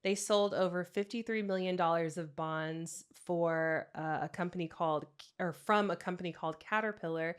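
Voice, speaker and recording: A woman co-hosting a podcast in casual chat, upbeat as she reads out news items and reacts quickly. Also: lowish voice, steady tone, smooth. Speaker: podcast co-host.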